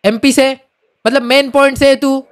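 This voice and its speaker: A man from Rajasthan, live-streaming in loud, agitated chat, switching between English and Hindi and calling everyone "bro". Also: very high voice, little pitch movement, very fast. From Rajasthan, India.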